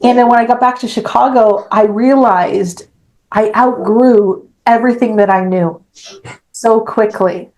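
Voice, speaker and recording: Middle-aged woman guest on a podcast, frank and lively, voices each line of her story as she tells it. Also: a little high, unhurried, rough recording. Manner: animated, acts out dialogue, frank and blunt. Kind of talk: personal storytelling in an interview.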